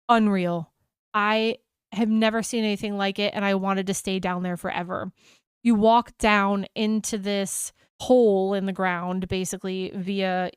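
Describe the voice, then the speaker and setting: A woman's voice: mid-range voice, clean tone, no echo, studio quality. An American woman hosting a travel podcast, telling an enthusiastic, gushing story in a casual chat.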